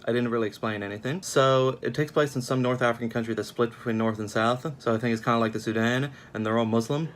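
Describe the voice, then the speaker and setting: A man's voice: medium pitch, steady tone, fast talker, few pauses, a little hiss or hum. A young man giving a casual, sarcastic film review, rambling at an uneven pace.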